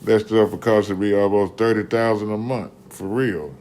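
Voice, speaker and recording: A man with a low-pitched voice spins a casual story on his podcast. He is slangy and animated and keeps restarting his sentences. A faint hiss runs under the recording. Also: moderate pace.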